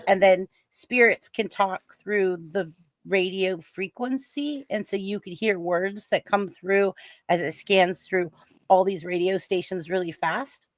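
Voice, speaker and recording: Animated middle-aged woman telling a story. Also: mid-range voice, a little slow, no echo, studio quality. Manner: animated storyteller who mimics sounds. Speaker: storyteller on a chat show. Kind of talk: casual chat.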